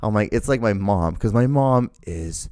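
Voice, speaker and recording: A young man hosting his own show, telling rambling, animated stories with lots of fillers and casual swearing. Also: lowish voice, normal speed, dry recording, studio quality. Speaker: podcast host. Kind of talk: casual storytelling monologue.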